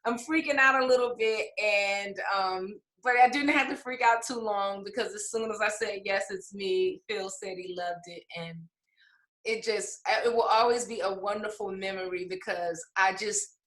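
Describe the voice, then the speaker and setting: Bright-voiced woman author in echoey room. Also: mid-range voice, moderate pace. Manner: warm, emotional, laughs often, many fillers. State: tearful at times. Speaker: author and English professor. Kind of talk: interview storytelling.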